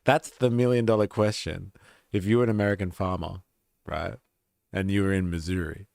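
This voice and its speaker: Australian male streamer, deep and gravelly, relaxed swearing commentary, dry close sound. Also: normal speed, no room sound. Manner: relaxed, swearing, reacting to clips with laughs. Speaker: live stream host. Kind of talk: casual live-stream commentary.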